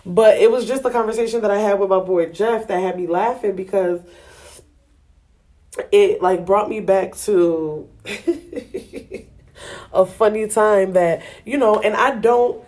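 A woman's voice: mid-range voice, slow, pauses often, a little mellow. A woman hosting a podcast, talking frankly and chattily to listeners in a sassy, laughing way. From Ghana. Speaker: podcast host. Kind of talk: candid solo podcast talk.

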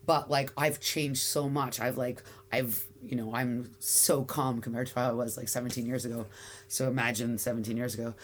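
Canadian woman, forties, very low pitch, rambling interview talk, many fillers, faint hum behind. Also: fairly even intonation, normal speed. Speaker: guest, bagel shop founder. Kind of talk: casual interview chat.

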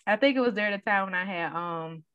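A woman in her thirties in casual conversation, an animated storyteller who acts out the voices in her stories. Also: mid-range voice, fast, slight background noise. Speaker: guest sharing her story. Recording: dull, dry sound.

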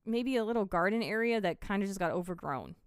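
A woman's voice: mid-range voice, lively intonation, fast talker, smooth, no room sound, studio quality. A woman co-hosting a podcast, chiming in casually with short additions while a movie is being recapped. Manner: chimes in with short additions and agreement. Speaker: podcast co-host.

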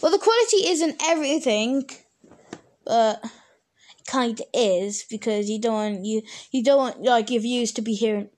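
A casual solo podcast host, a woman with a fairly high voice. She rambles in loose, chatty sentences and keeps stopping to restart or fix what she has just said. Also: expressive, unhurried, a little mellow. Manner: rambling, self-correcting, chatty.

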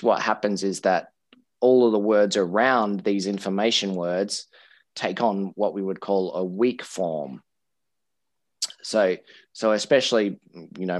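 A man's voice: low-pitched, no echo. A man who teaches English, chatting casually and explaining language points, often repeating and restarting his words. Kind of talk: casual educational podcast chat.

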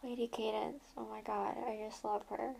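A young woman co-hosting a casual book discussion, reacting with drawn-out sighs and short comments. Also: on the high side, flat delivery, creaky, crowd noise. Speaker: podcast co-host.

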